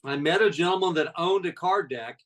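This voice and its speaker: A man's voice: fairly high pitch, fairly quick, fairly bright tone, far from the mic, poor audio. A man in his sixties, a network marketing leader, giving a folksy, conversational motivational talk full of personal stories.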